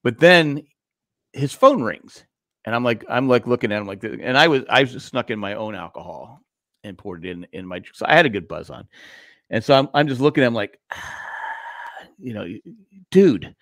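A man in his sixties, a podcast co-host telling a long story in casual chat, animated and acting out the voices of the people in it. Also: fairly low pitch, normal speed, no room sound, studio quality. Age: 60s.

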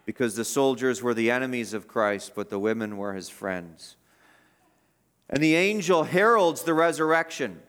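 A man in a mid-range voice preaches a sermon, swinging between loud, emphatic bursts and hushed passages. He also asks his listeners questions.

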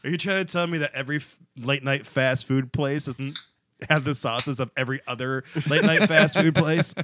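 A man's voice: mid-range voice, normal speed, fairly bright tone, slight background noise. Laughing, rambling man. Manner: rambling, laughing, full of fillers. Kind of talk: casual storytelling chat.

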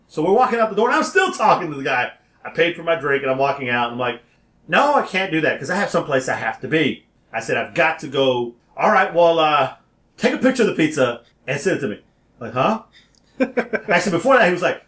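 A man telling a story in an animated way, acting out phone calls and sometimes rising to a shout. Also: fairly high pitch, fast talker, reverberant.

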